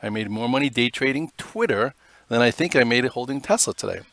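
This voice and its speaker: A man's voice: medium pitch, lively intonation, brisk, fairly bright tone. A man hosting a live stock trading show, giving casual, rambling commentary on charts with many fillers.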